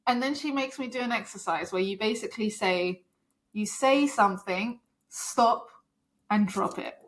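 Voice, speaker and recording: A young woman co-hosting a casual podcast chat, telling a rambling story quickly and laughing often. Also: mid-range voice. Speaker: podcast co-host.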